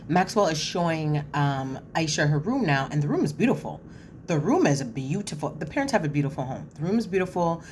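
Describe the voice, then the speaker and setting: A woman's voice: deep voice, big pitch swings, fairly quick, a little mellow, slight background noise. A woman giving a chatty, blunt, slangy recap of a reality show, with lots of fillers. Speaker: reality TV commentator. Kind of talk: casual recap commentary.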